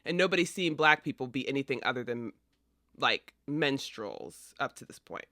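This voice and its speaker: A man hosting a podcast, retelling a historical play in a chatty, animated way. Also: medium pitch, normal speed, dry recording, clean studio sound. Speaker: podcast host. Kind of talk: casual storytelling of history.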